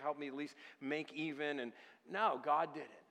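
A male preacher tells a personal story from the pulpit, his fairly high voice dropping low and quiet, then rising into loud, passionate prayer. The sound carries a long reverb, like a church sanctuary. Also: fairly even intonation, normal speed, vocal fry. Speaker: pastor.

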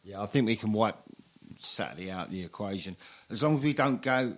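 A man's voice: on the low side, animated, a little fast. A man guest on a football podcast, speaking plainly and matter-of-factly. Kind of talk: casual football fan chat.

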